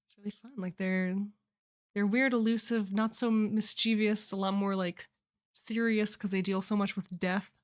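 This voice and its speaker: A woman's voice: mid-range voice, steady tone, normal speed. A young woman hosting a livestream, chatting casually about viewer submissions she reads aloud, gushing and rambling with lots of filler words and restarts. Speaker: livestream host.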